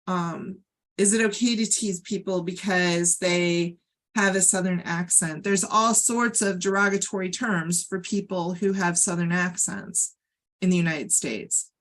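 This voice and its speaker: A woman's voice: fairly low pitch, fairly even intonation, a little slow. A woman co-hosting a podcast, chatting casually and thinking aloud with fillers. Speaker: podcast co-host. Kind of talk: casual chat.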